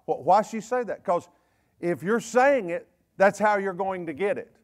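A man with a Southern US accent, a bishop preaching a sermon in a folksy, joking way with quick asides. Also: sits high, animated. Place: church service.

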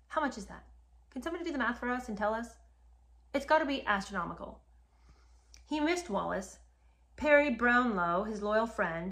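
A woman with a slightly high voice tells a story from history in a casual, conversational way. She sounds openly indignant and emphatic, and she addresses her viewers directly. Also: fairly bright tone. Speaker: history commentator.

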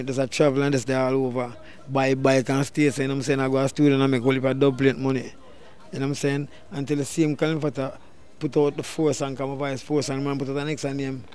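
A man's voice: mid-range voice, clean tone. A middle-aged Jamaican man, a dancehall deejay, telling a story in an interview and raising his voice to act out what people said. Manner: animated, loud bursts when acting out quotes.

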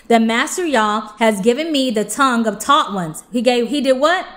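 A woman's voice: a little high, normal speed, hardly any pauses, fairly bright tone. A woman reading scripture aloud, stumbling over and restarting words, with casual asides explaining the verses. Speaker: scripture reader.

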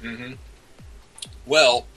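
A man co-hosting a comedy podcast, reading a story aloud in a deadpan way. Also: mid-range voice, drawn-out words, low-quality recording. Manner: deadpan, breaks into laughter. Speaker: podcast co-host. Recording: faint music bed behind.

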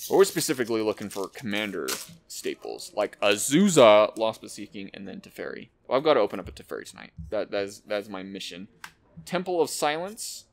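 A man hosting an unboxing, excitedly calling out card names and cracking quick jokes as he goes. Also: on the low side, slight background noise. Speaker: host opening card packs. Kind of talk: casual unboxing commentary.

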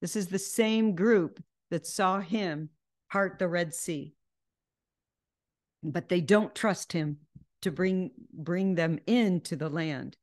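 A woman's voice: on the low side, slow pace, a little mellow. A woman leading an informal Bible study over a video call, talking freely and often restarting her sentences. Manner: chatty, with frequent restarts and self-corrections.

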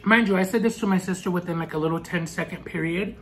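A man vlogging a personal storytime as he eats, earnest and halting, with many restarts. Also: high-pitched, a bit bright, a little hiss or hum. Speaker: food vlogger. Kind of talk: storytime while eating.

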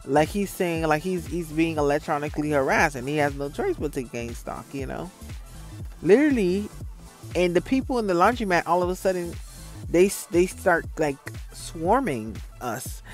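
A man's voice: a little high, normal speed, faint music behind. Rambling, cursing man telling a story. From Florida. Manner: rambling, profane, animated. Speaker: vlogger. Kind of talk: casual storytime monologue.

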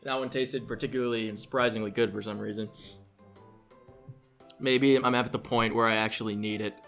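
A man's voice: on the low side, steady tone, fairly quick, vocal fry, a bit bright, soft background music. A man hosting a let's play, giving casual, sarcastic, exasperated commentary full of swearing.

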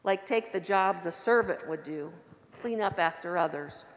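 A woman reading the lines of a patient, gentle male teacher in a children's story told in church. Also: on the low side, normal speed, in a large hall, lightly acted. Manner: patient, explaining kindly.

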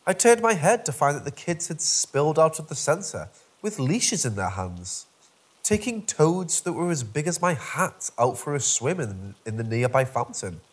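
A man's voice: on the high side, big pitch swings, moderate pace, breathy edge. A man narrating a first-person horror story from a script, in a dry, wry storytelling manner.

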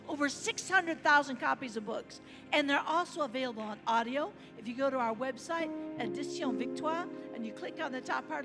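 Animated high-voiced American woman preaching. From United States. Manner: animated, leads call-and-response. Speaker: guest missionary preacher. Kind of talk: sermon. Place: large church hall. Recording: church hall reverb with music.

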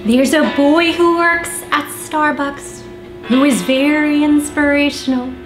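A young woman singing a musical theatre song as a shy girl smitten with a barista, in dreamy, drawn-out phrases. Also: high voice, steady tone. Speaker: auditioning actor. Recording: echoey room, faint music.

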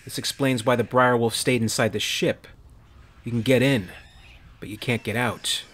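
A man's voice: mid-range voice, steady tone, normal speed, fairly bright tone, close to an everyday voice. A man voicing a wary male marine sergeant. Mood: tense.

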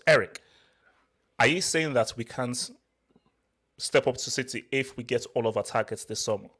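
A man's voice: mid-range voice, normal speed, pauses often, fairly bright tone, breathy edge. A man in a casual football debate, passionate and emphatic, often cutting in. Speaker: Chelsea fan pundit.

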